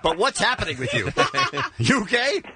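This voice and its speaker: Animated male radio host, bright and teasing, casual banter. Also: sits high, normal speed. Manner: teasing, caring, storytelling.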